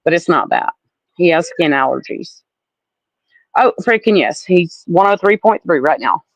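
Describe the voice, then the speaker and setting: A woman's voice: fairly low pitch, expressive, unhurried, dry recording, muffled recording. A woman from Alabama with a Southern accent, chatting with viewers on a casual livestream, blunt and salty, calling people honey. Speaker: livestream host.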